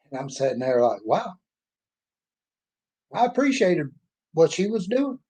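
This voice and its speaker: A man speaks in a slightly higher register. He tells a story in a folksy, blunt, opinionated way, as a casual monologue. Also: sing-song, a little slow, warm tone, slightly rough. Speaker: author and speaker.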